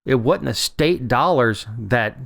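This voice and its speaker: A man's voice: mid-range voice, expressive, slow pace, gravelly, fairly bright tone, no room sound, studio quality. A man co-hosting a casual political podcast, rambling and wry, often restarting his sentences. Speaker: podcast co-host.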